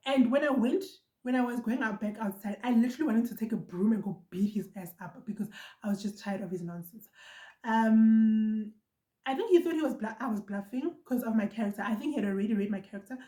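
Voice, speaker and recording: Her voice a little high yet soft and mellow rather than bright, a young vlogger with a South African accent recounts something personal to viewers. She talks quickly in bursts, repeats lines to stress them, and her words echo around a roomy space.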